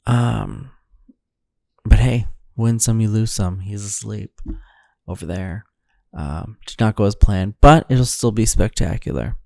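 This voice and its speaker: A man hosting a podcast, talking solo in a groggy, deadpan, rambling way in the early morning. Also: lowish voice, unhurried, creaky, no room sound, clean studio sound. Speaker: podcast host. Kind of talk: solo intro monologue.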